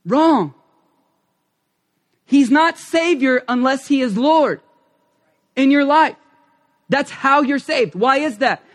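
Male preacher, very high voice, passionate and emphatic, moves from hushed asides to loud calls. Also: animated, slow pace, long pauses. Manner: acts out short spoken prayers and quoted lines. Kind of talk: passionate sermon.

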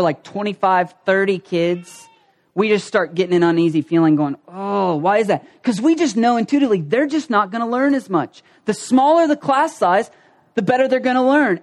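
A pastor preaching a conversational sermon in a folksy, animated way, acting out little scenes. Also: medium pitch.

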